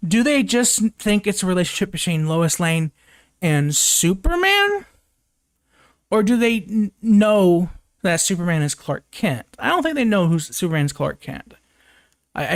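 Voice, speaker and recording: A young man recaps a film in a loose, rambling live review, leaning on "like" and "um" and swearing freely. His voice sits a little high, and it sounds close and dry with no room sound. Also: clean tone, dry recording. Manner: rambling plot recap, lots of fillers and swearing. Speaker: movie reviewer. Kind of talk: casual live movie review.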